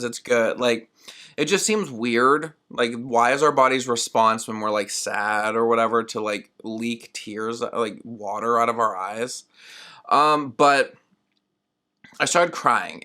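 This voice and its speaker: Young man, podcast host, bright voice, rambling, animated, quotes himself. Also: mid-range voice. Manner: rambling and animated, heavy use of "like"; acts out his own past words in quoted asides. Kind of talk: solo podcast storytelling.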